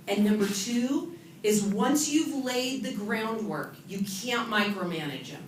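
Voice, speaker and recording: Lively woman speaking in an echoey room. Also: medium pitch, a little slow. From California, USA. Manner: lively, self-mocking storyteller. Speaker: author and event speaker. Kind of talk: humorous motivational talk. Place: event hall with an audience. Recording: echoey room from a distant mic with noise.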